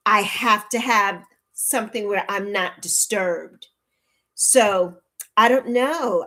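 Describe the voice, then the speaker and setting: Speaking slowly in a medium-pitched, pushed and bright voice, a woman in her sixties hosts a casual livestream on a laptop mic. She's flustered, pleading for help, and greeting viewers by name.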